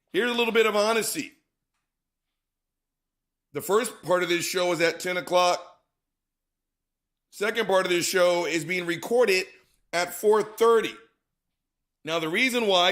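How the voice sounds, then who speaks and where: Chatty co-host with a high voice, rambling profane story to his audience. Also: fairly bright tone. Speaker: show co-host. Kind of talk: casual monologue to viewers.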